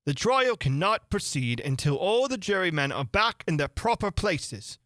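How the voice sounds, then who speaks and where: A man voicing a fussy, pompous king who speaks slowly and drags out his words in a storybook reading. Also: sits high, big pitch swings, fairly bright tone, dry recording, studio quality, voice pushed up. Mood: fretful. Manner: slow, drawn-out delivery.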